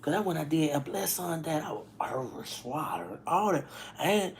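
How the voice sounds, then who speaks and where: A woman's voice: low voice, expressive, normal speed, a little hiss or hum. A woman telling stories in a casual vlog from home, laughing often and talking bluntly with many restarts. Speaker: vlogger. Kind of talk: casual storytelling chat. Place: home, indoors.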